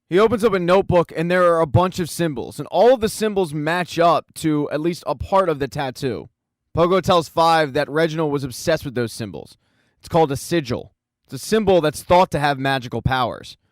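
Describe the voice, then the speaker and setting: A man with a somewhat high voice narrates a scripted plot recap. He tells the story briskly, dropping in casual asides. The sound is dry and close, with no room around it. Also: no room sound. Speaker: recap video host.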